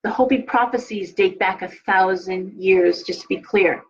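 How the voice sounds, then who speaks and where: A woman's voice: medium pitch, moderate pace. A woman hosting a casual live stream as a tarot reader, rambling, restarting her sentences and dropping blunt asides. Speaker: tarot reader and show host. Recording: dull lo-fi sound.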